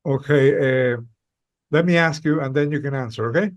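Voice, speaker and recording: A man's voice: medium pitch, moderate pace. A man hosting a podcast interview, asking brief, polite questions with hesitant fillers. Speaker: podcast host. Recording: dull, lo-fi audio.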